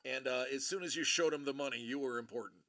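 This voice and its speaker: A man's voice: medium pitch, quick pace, a bit bright. A man hosting a livestream, telling a rambling, chatty story in a casual way and correcting himself as he goes. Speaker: livestream host. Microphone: streaming microphone.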